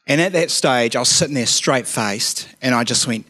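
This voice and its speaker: A man's voice: medium pitch, fairly quick, hardly any pauses, sharp tone. A man in his forties preaching a sermon with chatty personal stories and self-mocking jokes.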